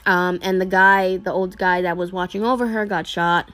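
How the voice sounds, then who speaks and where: A woman's voice: fairly low pitch, steady tone, normal speed, a bit bright, no echo. Rambling woman in a dry room. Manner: rambling, many fillers and restarts. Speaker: anime video creator talking to viewers. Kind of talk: casual storytelling chat.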